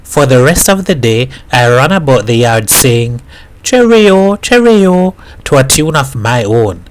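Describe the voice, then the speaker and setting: A man from Jamaica reading a novel aloud in a steady storytelling voice. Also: medium pitch, moderate pace, a little hiss or hum, rough recording. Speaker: reader.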